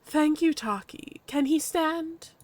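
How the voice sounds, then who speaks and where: A woman voicing an imposing female saber-toothed tiger chief who speaks calmly and commandingly. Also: high voice, slow pace, dry recording, voice pushed up.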